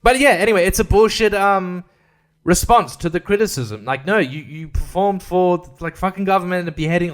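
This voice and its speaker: Rambling, crude podcast host. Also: male voice, high-pitched, a little fast. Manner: rambling, crude, laughs at his own jokes. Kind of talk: casual comedic rant.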